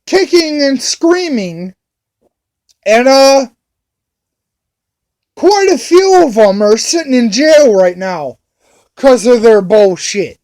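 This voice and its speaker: A man recounts a run-in with police in an angry, profane rant. His voice sits high, and he circles back to the same phrases over and over. He talks at a slow, dragging pace. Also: very animated, a little mellow. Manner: profane, repetitive, heated.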